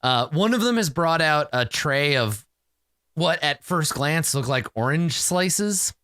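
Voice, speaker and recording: Bright-voiced male game master. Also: fairly high pitch, animated, smooth, dry recording, clean studio sound. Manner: casual, halting, with many fillers and restarts. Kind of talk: narrating a tabletop game.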